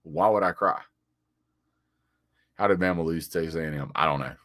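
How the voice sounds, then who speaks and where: A very low-voiced man banters through a live stream, reading out viewer comments and firing back. He stammers and repeats words now and then, and his voice sounds close and dry with no room around it. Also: fairly quick, a bit bright, dry recording. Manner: reads viewer comments aloud and answers them; frequent chuckles and "sir" rebuttals. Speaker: sports vlogger reading live chat.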